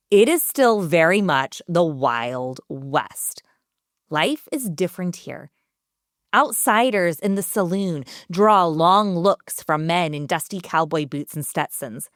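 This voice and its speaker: A woman host narrating a ghost story from a script in a measured, expressive way. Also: fairly low pitch, no room sound, clean studio sound. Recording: soft music underneath.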